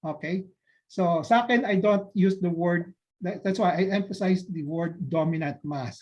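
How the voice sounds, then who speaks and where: A man's voice: high voice, moderate pace. A man with a Filipino accent, a doctor giving an informal medical talk, mixing English and Tagalog and often checking in with his listeners. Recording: dull lo-fi audio.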